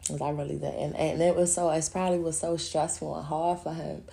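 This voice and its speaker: Alone on her podcast, a host talks in a low, gravelly, mellow voice with a level tone at a fairly quick pace. Her casual chat wanders, gets profane, and is punctuated by frequent laughter.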